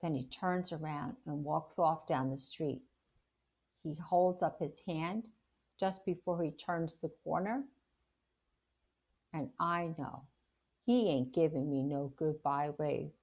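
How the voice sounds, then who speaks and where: A woman, a teacher, reading a children's novel aloud in an animated storytelling way and stopping to ask the listener questions about the story. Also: low-pitched, slow pace, pauses often.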